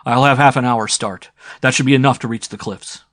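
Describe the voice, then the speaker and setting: A man's voice: medium pitch, fairly even intonation, a little fast, a bit bright, no echo, clean studio sound, lightly acted. A man voicing an earnest, determined young man in an audiobook. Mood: calm.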